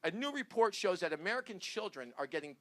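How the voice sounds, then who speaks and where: A man hosting a comedy show, reading news jokes to his panel in a rambling, halting way and laughing at his own punchlines. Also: high-pitched, animated, fairly bright tone. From New Jersey.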